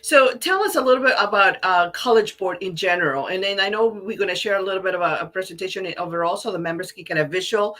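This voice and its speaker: Woman host, bright forceful tone, enthusiastic and encouraging interviewer. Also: medium pitch, fast, few pauses. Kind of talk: interview hosting.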